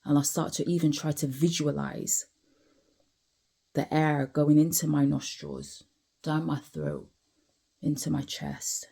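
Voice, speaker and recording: Low, gravelly-voiced tired woman vlogger. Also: level tone, slow pace, pauses often, dark tone. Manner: candid, conversational, repeats phrases, frequent asides to the listener. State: tired, yawning. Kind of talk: reflective personal vlog. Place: sitting outside on a chair.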